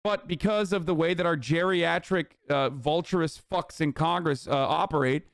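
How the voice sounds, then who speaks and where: On a live stream, a man in his thirties with a fairly high pitch delivers a heated, profane political rant at a moderate pace. He's sarcastic and reads chat out loud, and there's no room sound.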